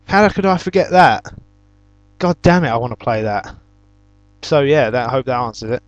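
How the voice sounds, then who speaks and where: A man's voice: mid-range voice, animated, moderate pace, no room sound, lo-fi sound. Chatty young British man, dry close sound. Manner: chatty storyteller, flares into loud exasperated shouts. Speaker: YouTube gaming channel host. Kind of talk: casual Q&A answering viewer comments.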